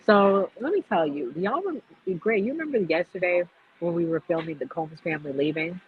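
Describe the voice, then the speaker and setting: A woman's voice: on the low side, expressive, moderate pace, phone-quality sound, noisy background. A woman hosting a podcast, telling what she saw in a chatty, gossipy way. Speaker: podcast host. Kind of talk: casual podcast chat.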